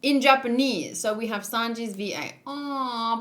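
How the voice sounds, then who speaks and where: A woman's voice: mid-range voice, normal speed, hardly any pauses, fairly bright tone. A young woman reading a manga aloud with casual commentary, playful and giggly, making her own sound effects. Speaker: manga read-along host.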